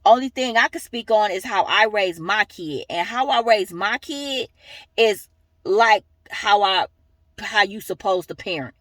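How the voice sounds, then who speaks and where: A woman's voice: mid-range voice, unhurried, a bit bright, no room sound. A young woman ranting heatedly in a vlog, cursing and emphatic. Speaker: vlogger.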